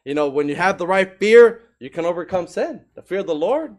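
A man's voice: sits high, lively intonation, fairly quick, background noise. A man preaching a sermon with emphasis, putting rhetorical questions to the congregation.

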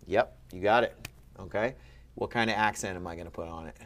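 Male teacher, low register, encouraging one-on-one quizzing. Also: fairly quick, fairly bright tone. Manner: patient, quizzing, upbeat. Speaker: Ancient Greek teacher. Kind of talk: one-on-one lesson.

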